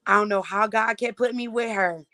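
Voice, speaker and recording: A woman hosting a casual chat, telling an audition story in a profane, animated way. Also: on the high side, fairly quick. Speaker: vlog host recounting an audition.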